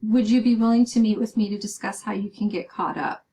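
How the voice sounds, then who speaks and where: In a poorly recorded lecture, a woman speaks fairly quickly in a medium-pitched voice with a dark, steady tone. She walks through the material step by step, using many "um"s and tag questions like "right?"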